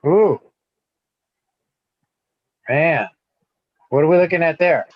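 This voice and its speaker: A man's voice: fairly high pitch, takes it slowly, dry recording. A man co-hosting a casual chat, chiming in with short reactions and questions. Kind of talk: casual chat on a video call. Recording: dull dry call audio.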